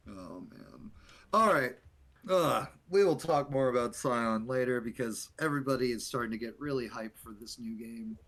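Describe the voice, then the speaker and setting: A man hosting a casual stream chat, teasing and animated. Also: medium pitch, normal speed. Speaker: host.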